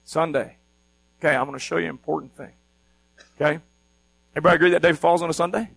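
A man's voice: on the high side, steady tone, fast, vocal fry, a bit bright, dry recording, rough recording. A man preaching a sermon as pastor, teaching with energy and often asking the congregation questions.

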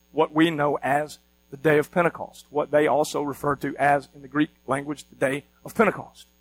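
Animated preaching man, higher voice. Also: no echo, rough recording. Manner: animated teaching, asks the congregation questions. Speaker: pastor. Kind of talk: sermon.

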